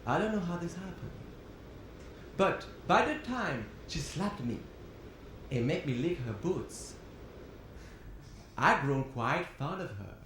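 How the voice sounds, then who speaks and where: A man's voice: a little high, sing-song, slow, long pauses, a little hiss or hum. A man from Switzerland with a French accent, performing a one-man musical comedy show with wry storytelling. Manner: wry storytelling between songs, sung tango with piano. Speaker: cabaret performer. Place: theater stage. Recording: roomy stage sound with loud piano.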